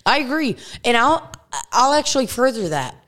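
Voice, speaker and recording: A woman's voice: a little high, big pitch swings, moderate pace, fairly bright tone. A woman with a Midwest American accent, co-hosting a casual podcast and telling a crude, exasperated story full of swearing. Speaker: podcast co-host. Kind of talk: casual comedic chat. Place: rented house in California.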